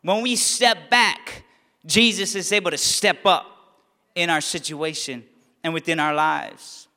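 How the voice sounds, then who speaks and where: Pastor, male, high bright tenor, impassioned sermon delivery, reverberant church hall. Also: unhurried. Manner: impassioned preaching, rising to near-shouts on key lines.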